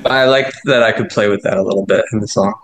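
A man's voice: on the low side, steady tone, fast talker, low-quality recording. A man who writes his band's songs, talking casually in an interview, rambling and self-deprecating with lots of fillers. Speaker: songwriter and band frontman.

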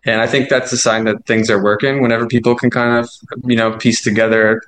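A man's voice: mid-range voice, little pitch movement, a little fast, fairly bright tone, rough recording. A man who writes his band's songs, talking casually in an interview, rambling and self-deprecating with lots of fillers. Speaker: songwriter and band frontman.

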